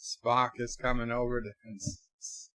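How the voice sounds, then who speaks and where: A man's voice: medium pitch, flat delivery, slow, sharp tone, no room sound, studio quality. A man casually commenting on a film while reading viewer chat aloud, with wry, sarcastic asides and frequent fillers. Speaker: streamer watching a film with chat.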